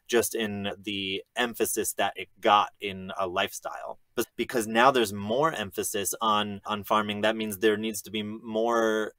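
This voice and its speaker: A man giving an earnest, measured history lecture on his own, now and then restarting a phrase. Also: fairly low pitch, a bit bright, no room sound. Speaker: educator presenting a history lecture. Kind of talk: explanatory lecture monologue.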